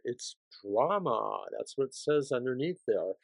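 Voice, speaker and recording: A man giving a weekly tarot reading sign by sign, chatty, swinging from hushed to excited. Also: medium pitch, unhurried, gravelly, dry recording. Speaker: tarot reader.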